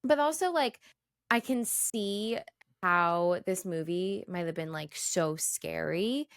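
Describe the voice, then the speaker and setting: Talk loosely and laugh often as a woman chatting on a podcast. Let the words tumble out with plenty of ums and likes. Keep the tone a little low and very smooth and clear, close and dry on the mic. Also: slow, dry recording. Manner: rambling and giggly, many fillers. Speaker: podcast co-host. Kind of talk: casual chat.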